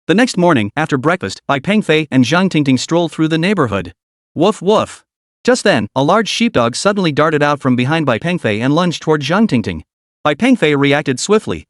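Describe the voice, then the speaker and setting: A man giving scripted narration of a comic story with an animated storytelling manner. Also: on the high side, dry recording, studio quality.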